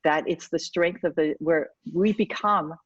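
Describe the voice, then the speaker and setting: A woman's voice: low voice, measured pace, slightly rough, dry recording. Woman guest, emphatic, persuasive, dry close sound, lo-fi. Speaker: guest, educator and speaker. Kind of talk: conversational interview.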